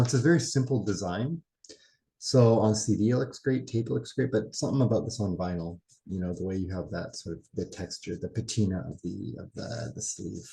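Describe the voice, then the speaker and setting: A man casually showing off a record haul in a vlog, relaxed and rambling with musing asides. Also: fairly low pitch, low-quality recording. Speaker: record collecting vlogger. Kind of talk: casual show-and-tell vlog.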